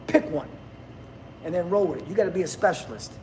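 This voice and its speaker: A New Jersey man in his fifties hosts a casual livestream, chatting bluntly with viewers, rambling and laughing a lot. His voice is high and brisk with a darkish tone, and there's a faint hiss or hum on the recording.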